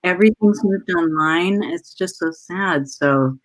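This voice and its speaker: A woman's voice: lowish voice, a little slow. A woman talks over a video call, her voice gushing and emotional. She rambles from one thought to the next in a loose, casual way. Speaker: letter writer for the show and actress.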